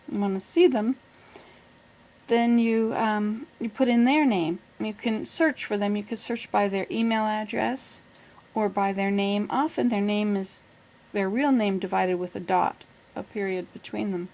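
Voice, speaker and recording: This older vlogger's voice is mid-range and darkish, captured at low quality through a plug-in computer microphone. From her home in the southern US, she offers a casual, rambling, friendly update, often stopping to correct herself.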